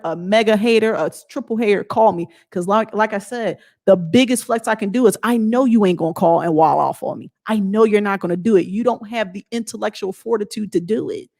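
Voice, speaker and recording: A woman's voice: medium pitch, a little mellow. A woman vlogger giving a blunt, emphatic motivational talk in a casual way.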